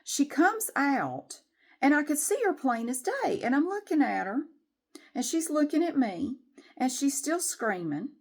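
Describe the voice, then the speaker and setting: A woman vlogger telling a story to camera in an animated, exasperated way. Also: medium pitch.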